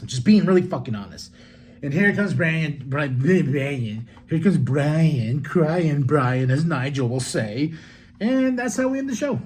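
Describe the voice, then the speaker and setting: A man hosting a solo podcast, recapping a wrestling show in a loose, excitable way with swearing, asides and laughs. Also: mid-range voice, slight background noise. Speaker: podcast host.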